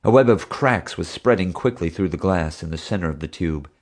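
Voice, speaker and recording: Low male narrator, steady scripted read. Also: a little fast. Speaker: audiobook narrator.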